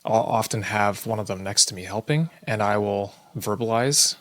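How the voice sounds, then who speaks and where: A man's voice: lowish voice, normal speed, a bit bright. A man in his thirties co-hosting a parenting podcast, chatting casually and asking thoughtful, guiding questions. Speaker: podcast co-host.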